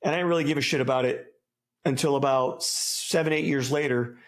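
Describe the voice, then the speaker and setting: A man's voice: mid-range voice, steady tone, a little fast. A man from the United States, a former soldier, talking as a guest in a casual interview, laid-back and profane, full of buddy slang and rambling restarts. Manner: rambling, many restarts and asides.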